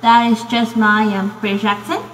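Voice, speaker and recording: A woman's voice: fairly high pitch, flat delivery, moderate pace, a bit bright, slight background noise. A young American woman student narrating a casual video essay, rambling with many fillers. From United States. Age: young adult. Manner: rambling, full of "you know" and "um". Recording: echoey room with long reverb.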